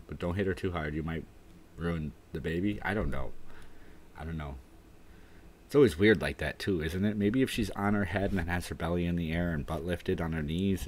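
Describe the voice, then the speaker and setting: A man hosting a casual livestream, tired and dry-mouthed from the heat, rambling as he reads chat aloud and trails off unsure. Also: sits low. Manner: rambling and self-deprecating, trailing off with "I don't know". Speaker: livestream host.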